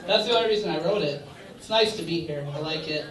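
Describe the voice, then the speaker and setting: High-voiced young man doing stand-up. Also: fast talker, a bit bright. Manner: rambling, filler-heavy delivery. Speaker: stand-up comedian. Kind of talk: stand-up set. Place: bar comedy stage. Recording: echoey bar, distant mic, crowd.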